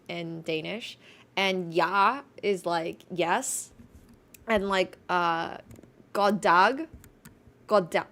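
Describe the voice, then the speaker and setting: Young woman streamer, gravelly edge, loose rambling chat with fillers. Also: mid-range voice, fairly bright tone. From Finland. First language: Finnish. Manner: chatty, rambling, many restarts and fillers. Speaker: chess streamer.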